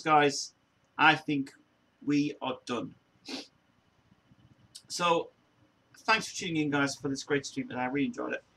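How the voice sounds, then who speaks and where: A man's voice: medium pitch, creaky, fairly bright tone, breathy edge, rough recording. Rambling man hosting a live stream. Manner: rambling, mocking, laughs at his own impressions. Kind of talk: casual live-stream chat.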